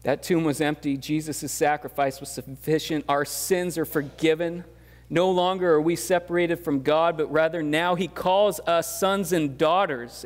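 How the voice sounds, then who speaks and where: A man with a slightly high voice delivers a sermon in a conversational, easygoing way, scattering fillers before rising to emphatic questions. His voice rings out with the long reverb of a church hall. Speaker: pastor. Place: church sanctuary.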